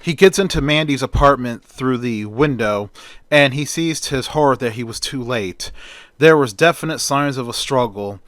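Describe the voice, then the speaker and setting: A man's voice: medium pitch, moderate pace, fairly bright tone, no room sound. A man telling a homemade hero story in a plain, chatty way, stringing events with "and then". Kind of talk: casual amateur storytelling.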